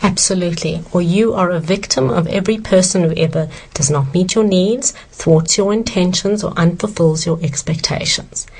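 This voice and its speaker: A woman's voice: on the low side, normal speed, few pauses, a little mellow, breathy edge. A woman author earnestly answering questions about self-esteem, emphatic and sincere.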